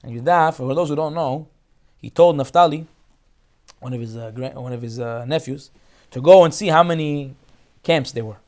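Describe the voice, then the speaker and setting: A man teaching a Torah class as a rabbi, retelling a story in an animated way with many restarts. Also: mid-range voice, normal speed, pauses often.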